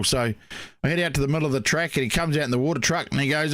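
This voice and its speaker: A man's voice: on the high side, animated, quick pace, a bit bright, dry recording, clean studio sound. A man co-hosting a racing show, telling long rambling stories full of "mate, you know". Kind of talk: casual chat.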